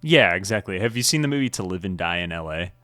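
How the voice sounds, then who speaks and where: A man's voice: low-pitched, expressive, fast, sharp tone, no room sound. A man co-hosting a sports podcast in casual chat, laid-back, laughing often and swearing freely. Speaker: podcast co-host.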